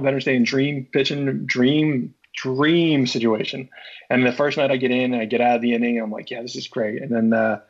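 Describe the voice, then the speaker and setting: A man from Philadelphia, a former baseball pitcher, telling a story in a casual chat and acting out his own reactions. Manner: acts out his own past reactions, many restarts. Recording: dull lo-fi podcast audio.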